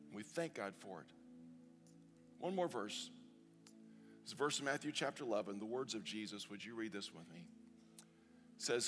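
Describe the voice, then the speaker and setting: Pastor guy preaching, earnest, slows way down on the bible quotes, big echoey church, quiet music under it. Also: on the low side. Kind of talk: sermon and communion prayer. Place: church sanctuary. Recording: long church reverb with soft music.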